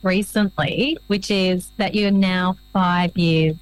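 A woman's voice: fairly low pitch, steady tone, takes it slowly, clear, resonant tone, dry recording, poor audio. A woman hosting a casual interview, affirming and encouraging toward her guest. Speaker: host, interviewer.

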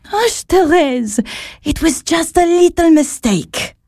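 A woman's voice: extremely high pitch, animated, slow pace, gravelly, darkish tone, no room sound, clean studio sound, exaggerated voice. A woman playing a patient, motherly older sister. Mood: soothing. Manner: soothing, patient. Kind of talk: audio drama acting.

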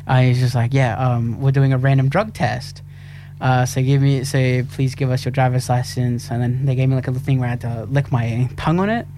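Animated young man telling a story. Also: medium pitch, fairly quick, a little hiss or hum. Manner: animated storyteller, laughs often. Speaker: radio show co-host. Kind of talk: casual chat. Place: small radio studio.

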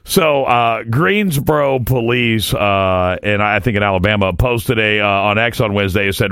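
A man from Southwest Florida hosting a talk radio show, bantering in an animated, joking way. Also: fairly low pitch, moderate pace, hardly any pauses, clear, resonant tone, no echo, clean studio sound. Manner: animated, chants a catchphrase, joking. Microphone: studio microphone.

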